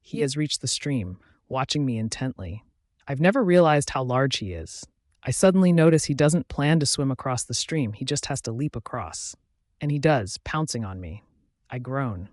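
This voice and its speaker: A man narrating a first-person fantasy romance audiobook in a steady storytelling voice. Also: medium pitch, normal speed, no room sound, studio quality.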